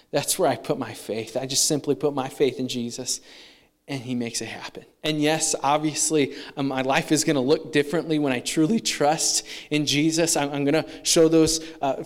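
A man preaching a sermon in a conversational way, acting out the voices he quotes. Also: medium pitch. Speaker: pastor.

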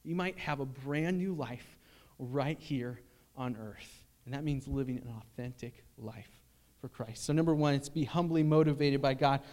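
A man's voice: medium pitch, moderate pace, darkish tone. A man preaching a sermon in an earnest, conversational way, telling personal stories and asking rhetorical questions. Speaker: pastor.

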